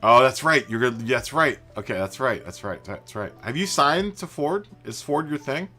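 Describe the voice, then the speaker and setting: Chatty man with a bright voice. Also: medium pitch, moderate pace, soft background music. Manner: relaxed and chatty, greets viewers by name, laughs often. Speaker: live stream host. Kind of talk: casual live stream chat. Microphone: studio microphone through a mixer.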